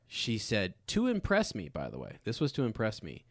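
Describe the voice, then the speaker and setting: A man's voice: fairly low pitch, huge pitch swings, normal speed, dry recording, clean studio sound. A man co-hosting a podcast, chatting casually about a film, rambling with many restarts. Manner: rambling, full of fillers and restarts. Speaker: podcast co-host.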